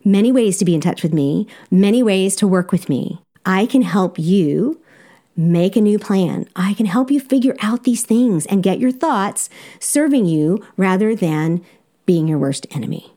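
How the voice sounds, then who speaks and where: Upbeat Southern woman coaching, mellow voice. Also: mid-range voice, animated, a little slow. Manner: upbeat, direct, encouraging, laughs easily. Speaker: life coach and podcast host. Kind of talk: solo podcast coaching talk.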